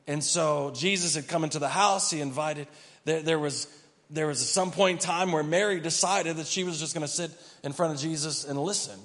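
A man pastor preaches in a lively, conversational way, telling the story vividly and throwing questions to the congregation. His voice sits fairly high. A long church-hall reverb trails behind him. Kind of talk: sermon. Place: church sanctuary.

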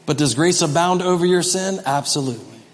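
A man's voice: on the high side, animated, a little fast. A male pastor preaching an impassioned sermon in a large church hall, acting out the voices he quotes. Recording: long hall reverb, music behind.

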